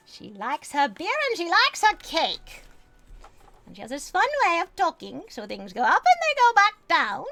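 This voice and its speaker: A woman's voice: huge pitch swings, normal speed, creaky, sharp tone, full character voice. A woman voicing a cheerful, tipsy little old druid lady whose words swing up and down in a sing-song way. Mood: tipsy, merry. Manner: sing-song, pitch going up and down.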